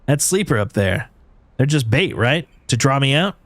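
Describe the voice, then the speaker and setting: A man's voice: medium pitch, lively intonation, normal speed, dry recording, close to an everyday voice. A man voicing a shaky, desperate man who pleads and justifies himself in a video game. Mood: pleading.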